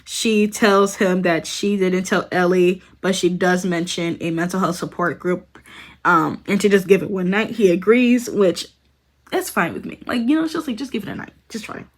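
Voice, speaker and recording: A woman's voice: on the low side, moderate pace. Chatty young woman recapping a show. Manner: chatty, frequent "like" and "um", bursts of laughter, mock-quoting characters. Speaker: commentary video host. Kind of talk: casual recap commentary.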